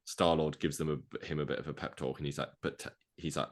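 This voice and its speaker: A man co-hosting a podcast, rambling through a movie plot pitch with lots of fillers and acted-out quotes. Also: flat delivery, quick pace, hardly any pauses. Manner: rambling, filler-heavy, acts out quoted lines. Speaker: podcast co-host.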